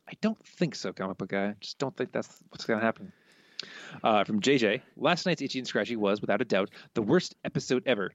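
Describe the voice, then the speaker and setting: Male podcast co-host, fast talker, dry slightly muffled sound, amused, reads listener quotes. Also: fairly low pitch, animated, no echo. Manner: quick, amused, laughs often while reading. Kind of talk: casual podcast chat, reading listener quotes.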